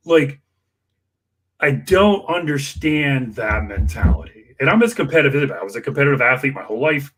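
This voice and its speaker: A man telling campaign stories in casual chat, animated and full of acted-out quotes. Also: normal speed, a little hiss or hum. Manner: animated, acts out quoted dialogue with big pitch jumps. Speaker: political campaign staffer and guest storyteller. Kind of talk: casual conversational storytelling.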